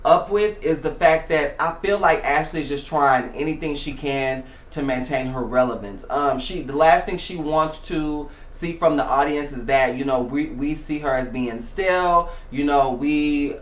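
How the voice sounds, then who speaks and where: A man's voice: a little high, a little slow, hardly any pauses. Chatty man, echoey room. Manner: chatty, many fillers and restarts. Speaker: show host. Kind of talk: casual reality TV commentary.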